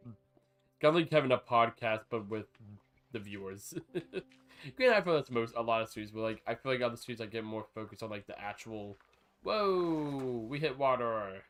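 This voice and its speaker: A man chatting casually on a live gaming stream, rambling between thoughts and breaking into sudden excited outbursts. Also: lowish voice, moderate pace, faint music behind.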